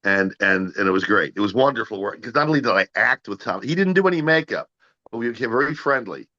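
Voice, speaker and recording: A middle-aged man with a low but bright, forceful voice, recounting stories as an interview guest. He stammers and restarts often and acts out what others said. The audio is muffled and lo-fi. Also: quick pace. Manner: animated anecdotes, acts out others' lines, frequent stammered restarts. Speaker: actor guest. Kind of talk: casual interview storytelling.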